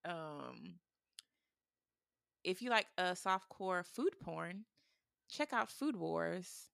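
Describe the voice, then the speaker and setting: A woman in casual chat, expressive and playful, breaking into high excited exclamations. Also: drawn-out words, vocal fry, no echo, studio quality.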